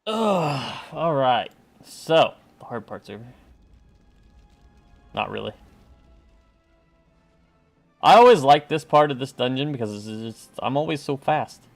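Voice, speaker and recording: A man's voice: medium pitch, lively intonation, unhurried, creaky, faint music behind. A man chatting casually while streaming a game, joking and talking back to enemies on screen. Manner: joking, talks to game enemies, hums along. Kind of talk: casual gameplay commentary.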